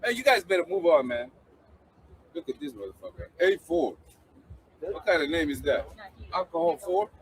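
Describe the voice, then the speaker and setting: A man's voice: fairly high pitch, big pitch swings, normal speed, long pauses, rough recording. A man in a heated street confrontation, talking back to officers defiantly and swearing. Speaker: man questioned by immigration officers.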